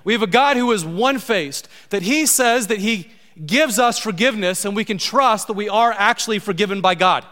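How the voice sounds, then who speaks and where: A man's voice: high-pitched, moderate pace, pushed and bright. A middle-aged man preaching a sermon as pastor, emphatic and repeating key lines for stress. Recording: long hall reverb.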